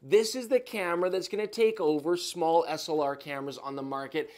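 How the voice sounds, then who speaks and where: A man's voice: a little high, a little fast, a little mellow. A man co-hosting a camera review show, joking around casually while having a few drinks. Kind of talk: casual product review banter.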